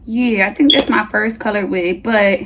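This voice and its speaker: A woman's voice: medium pitch, moderate pace, background noise. A young woman, reviewing a wig in a casual vlog at home, chatty and hyped, a little out of breath. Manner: chatty, slangy, hyped and animated. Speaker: beauty vlogger.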